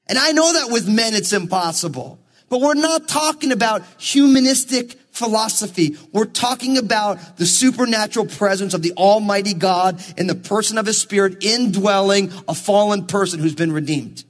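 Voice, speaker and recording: A man's voice: very high-pitched, normal speed, a bit bright, in a large hall. A man preaching a sermon as pastor, reading scripture and acting out people's words. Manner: preaching with Bible readings, voicing characters in asides.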